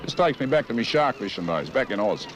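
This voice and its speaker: A man's voice: mid-range voice, very animated, brisk, noisy background, lightly acted. A man with an Australian accent, a cheerful, brash visitor in a comic lager advert.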